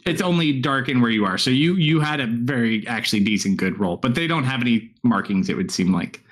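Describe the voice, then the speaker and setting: A man's voice: medium pitch, brisk. A man narrates a tabletop game as dungeon master. He talks in a loose, conversational way with plenty of fillers. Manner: relaxed, conversational, filler-heavy.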